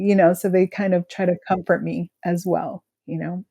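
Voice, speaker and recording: A woman in her thirties from California, speaking haltingly about her grief as a guest, full of "you know" fillers. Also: on the low side, steady tone, vocal fry, mellow. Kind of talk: emotional personal conversation.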